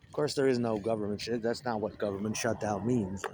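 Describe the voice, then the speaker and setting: A man's voice: lowish voice, fairly even intonation, fast talker, darkish tone, a little hiss or hum. A man telling profane, digressive stories in a casual rambling monologue, with a wry, joking manner. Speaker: storyteller.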